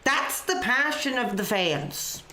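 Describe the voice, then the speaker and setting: A woman's voice: a little high, expressive, slow, pushed and bright. A woman hosting a live call-in stream, talking in an earnest, emotional, rambling way full of "you know" and "like". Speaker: call-in show host. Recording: roomy echo.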